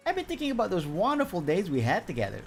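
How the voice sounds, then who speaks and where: A man's voice: high voice, wildly swooping pitch, fast, vocal fry, faint music behind, pitched above the performer's own voice, heavily acted. A man putting on a bubbly teasing girl pilot. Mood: sweet teasing. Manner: sweet, teasing.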